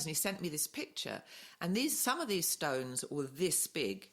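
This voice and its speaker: A woman's voice: low voice, sing-song, moderate pace. A middle-aged woman co-hosting a podcast, telling a story in casual chat and laughing often. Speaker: podcast co-host.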